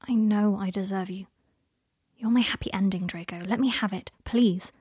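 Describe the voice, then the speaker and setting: A woman voicing a tender, earnest young man in love, pleading softly. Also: medium pitch, normal speed, husky, no echo, clean studio sound.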